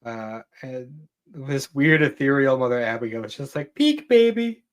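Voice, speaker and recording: A man's voice: mid-range voice, steady tone, normal speed, fairly bright tone. A man with a mid-range voice co-hosts a podcast in easygoing chat. He talks candidly, swears casually, stumbles into restarts and laughs freely. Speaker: podcast co-host.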